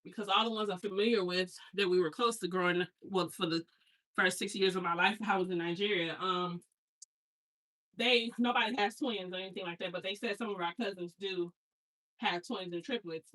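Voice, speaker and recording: A woman's voice: on the low side, normal speed, a bit bright, poor audio. A woman in her thirties, a hair stylist, chatting casually and telling rambling family stories with slangy asides while she unpacks. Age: 30s.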